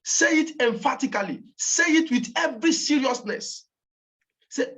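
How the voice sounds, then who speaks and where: A woman's voice: high voice, animated, a little slow, fairly bright tone. A woman with a Nigerian accent giving a motivational training talk to campaign callers, emphatic and repeating her points for stress. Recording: dull lo-fi recording.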